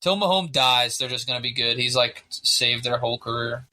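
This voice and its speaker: A man's voice: medium pitch, moderate pace. A man co-hosting a sports podcast, talking casually with lots of swearing and rambling. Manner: profane, rambling, excitable. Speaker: podcast co-host.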